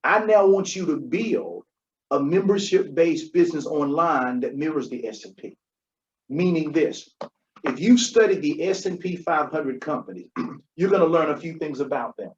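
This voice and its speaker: A man co-hosting a podcast, his voice on the higher side for a man. He explains money matters emphatically, repeating key points and checking in with the listener. The recording sounds dull and lo-fi. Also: animated, normal speed. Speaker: podcast co-host. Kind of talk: conversational financial advice.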